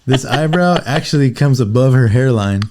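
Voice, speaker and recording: A man co-hosting a casual parenting podcast, earnest and encouraging, and quick to laugh. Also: medium pitch, lively intonation, a little mellow. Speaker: podcast co-host.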